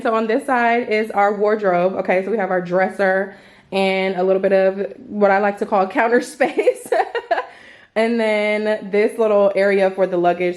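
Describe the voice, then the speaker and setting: A young woman vlogging a hotel room tour in an excited, chatty way, full of playful slang, filmed on a handheld phone. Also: medium pitch. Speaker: travel vlogger. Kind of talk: casual vlog room tour.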